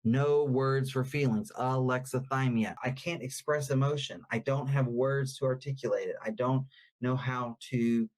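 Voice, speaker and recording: Man, therapist, educational talk, explanatory, casual fillers, medium pitch. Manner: explanatory, conversational with fillers and quoted examples.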